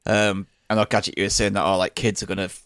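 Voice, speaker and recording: A man's voice: lowish voice, level tone, fast, fairly bright tone, dry recording, studio quality. Laid-back Yorkshire man on a podcast. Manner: laid-back, swears casually. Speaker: podcast co-host. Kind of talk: casual chat.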